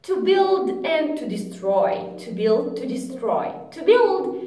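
A woman teaching a language lesson, repeating each word slowly and clearly. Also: high-pitched, very animated, dark tone, roomy sound. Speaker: Arabic teacher.

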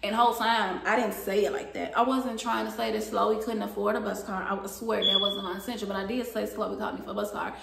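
A young woman telling a story from her workplace to her viewers, animated and blunt, swearing freely. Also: mid-range voice, a little fast, creaky, hardly any pauses, heavy background noise. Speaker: vlogger. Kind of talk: casual storytime chat. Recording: echoey room.

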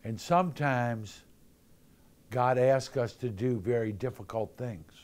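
A man's voice: mid-range voice, slow, darkish tone. Man preaching in a chatty way. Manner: conversational, jokey storytelling with acted-out voices. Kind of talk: sermon.

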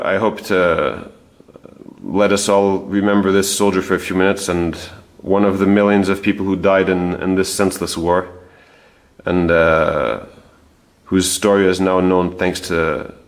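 A man's voice: low-pitched, steady tone, measured pace. A man hosting a history video, explaining his research in a casual, thinking-aloud way with frequent restarts. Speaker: history channel host. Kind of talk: casual spoken history presentation.

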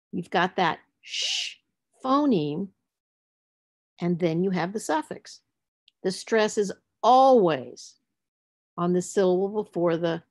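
A woman teaching a literacy session, explaining word parts and spelling letters out as she goes. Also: medium pitch. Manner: explanatory, spells out letters, stresses words for emphasis. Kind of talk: presenting a lecture on word structure.

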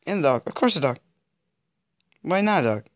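A man giving let's-play commentary, exasperated and stammering, often pleading out loud with the game. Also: a little high, very animated, moderate pace. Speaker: gaming video creator.

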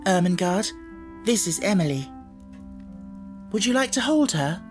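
A man reading an audiobook, voicing an imaginative, self-assured little girl who speaks in an earnest, gently coaxing way. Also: high voice, big pitch swings, unhurried, soft background music, voice pushed up.

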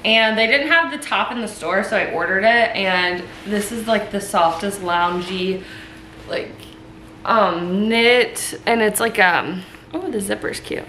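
A woman's voice: mid-range voice, unhurried, pushed and bright. A young woman chatting casually in a vlog, gushing and bubbly, with plenty of "like" and "um". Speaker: lifestyle vlogger. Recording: noisy vlog recording.

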